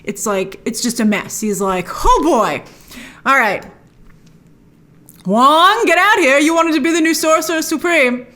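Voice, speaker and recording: A young woman talks through a film trailer as the host of a review show. Her voice sits on the higher side and swings up and down a lot as she chats. She is enthusiastic and quick with playful asides. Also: animated, bright, forceful tone. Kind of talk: casual trailer breakdown commentary.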